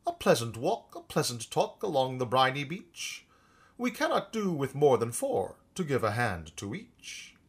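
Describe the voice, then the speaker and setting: A man's voice: medium pitch, wildly swooping pitch, measured pace, husky, exaggerated voice. A man voicing a sly, sentimental walrus who talks grandly and coaxes sweetly in a storybook poem. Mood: coaxing.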